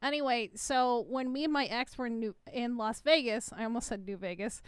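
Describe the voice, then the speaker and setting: A young woman tells a rambling story on her podcast in a bright, high voice, laughing and swearing freely as she goes. The sound is dry and close, with no room around her. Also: brisk, clear, resonant tone, no room sound. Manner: swears often, laughs through stories. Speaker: podcast co-host. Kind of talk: casual chat.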